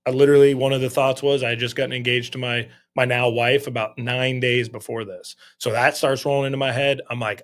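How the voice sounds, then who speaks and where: A man's voice: medium pitch, little pitch movement, brisk, hardly any pauses. A middle-aged man, a sheriff's lieutenant, telling his story candidly in a casual interview and quoting his own thoughts as he goes. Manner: candid, retelling in quoted inner thoughts.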